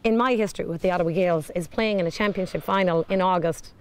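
A woman's voice: on the low side, quick pace, smooth. A woman talking in an interview about her team, earnest and heartfelt. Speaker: team member.

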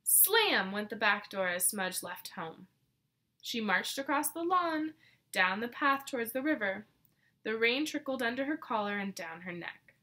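A woman narrating a children's picture book with an expressive, warm delivery. Her voice is bright and a little high, and it moves a lot in pitch. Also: a little slow. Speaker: storyteller. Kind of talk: children's read-aloud.

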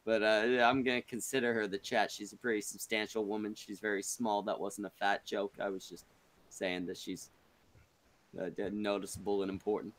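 A man's voice: lowish voice, little pitch movement, moderate pace, a bit bright. A man hosting a podcast stream in casual chat, rambling and joking crudely, full of uh and restarts. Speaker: podcast host.

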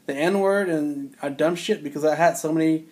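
At a moderate pace, a man in his forties speaks in a high-leaning, slightly mellow voice. His casual spoken anecdote, looking back on film-set security work, rambles along with an incredulous tone.

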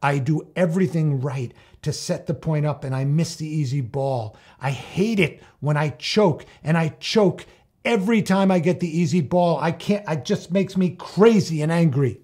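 An excitable teenage boy with a short fuse, put on by a man telling the story, blurting his words in a husky, gravelly voice. The pitch sits a bit higher than the storyteller's own voice. He sputters and pushes his points hard. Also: moderate pace. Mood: frustrated. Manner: blurting, emphatic, sputters when upset. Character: hot-tempered excitable teenage boy tennis player. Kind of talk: acted quotes in a told story.

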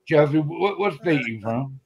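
A man's voice: a little high, lively intonation, measured pace, a little mellow, slightly rough. A man who grew up in the US Gulf South and works as a chef, chatting in a folksy, slangy, rambling way as a caller on a live show. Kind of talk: casual chat.

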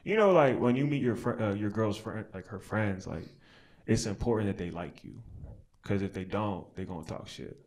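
A man's voice: on the low side, animated, moderate pace, a little mellow. A young American man doing stand-up comedy at a small live show. He talks loose and slangy, riffs on the crowd and laughs at his own jokes. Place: small outdoor alley show with an audience.

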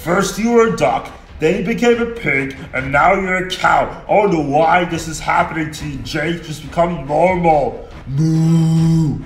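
A man's voice: fairly high pitch, normal speed, few pauses, echoey room, faint music behind. A man voicing a cartoon, talking in a whiny, exasperated way. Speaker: cartoon narrator and voice actor. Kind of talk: cartoon acting.

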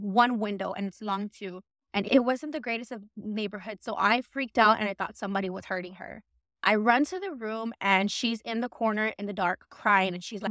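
A woman's voice: medium pitch, a bit bright, no echo, clean studio sound. A woman telling her own ghost story in a chatty, casual way, acting out what people said. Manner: chatty, lots of "I'm like" quoting.

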